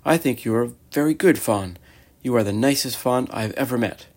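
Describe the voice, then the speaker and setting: A man voicing a kind, earnest young girl who speaks gently and pleads. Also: mid-range voice, moderate pace, natural voice.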